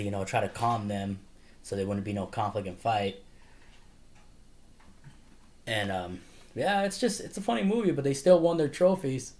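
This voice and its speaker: A man's voice: lowish voice, a little mellow. A man casually talking through a favorite movie, rambling with lots of fillers and frequent laughter. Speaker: movie reviewer. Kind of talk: casual movie review monologue.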